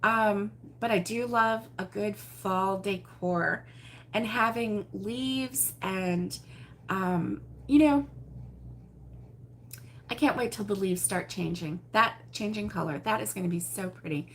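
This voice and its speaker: A woman's voice: mid-range voice, takes it slowly, slight background noise. A woman hosting a casual livestream at home, chatting with viewers in a chatty, exclamatory way and laughing often. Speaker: host of a crochet livestream. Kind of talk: casual livestream chat answering viewer comments. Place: at home with her husband nearby.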